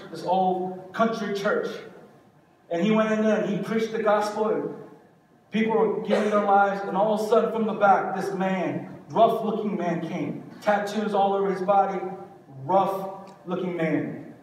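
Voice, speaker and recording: High-voiced pastor preaching in an echoey hall. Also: male voice. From Korea. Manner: earnest, repetitive preaching cadence. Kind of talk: sermon. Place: church sanctuary. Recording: echoey hall, distant mic, faint hiss.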